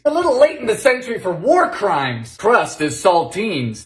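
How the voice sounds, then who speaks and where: A man's voice: high-pitched, wildly swooping pitch, unhurried, music in the background. Theatrical Bermudian man in his twenties. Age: 20s. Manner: theatrical, sarcastic, bursts into shouted exclamations. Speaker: cooking video creator. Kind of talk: comedic vlog commentary.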